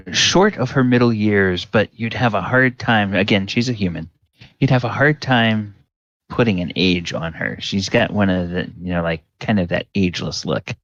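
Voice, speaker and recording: Slow, low-voiced man running a tabletop game. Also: no room sound. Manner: unhurried narration with many fillers. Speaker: game master. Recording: dull lo-fi sound.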